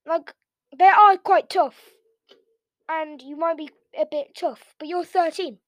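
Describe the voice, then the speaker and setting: A woman's voice: very high-pitched, no echo. An English woman hosting a reaction video, ranting casually in a sarcastic, mocking way. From England. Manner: sarcastic and mocking, quick rants.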